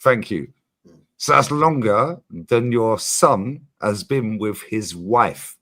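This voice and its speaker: A man's voice: fairly low pitch, takes it slowly. Emphatic man hosting a stream. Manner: animated, emphatic, swears freely, repeats his points. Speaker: streamer host. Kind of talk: casual livestream chat.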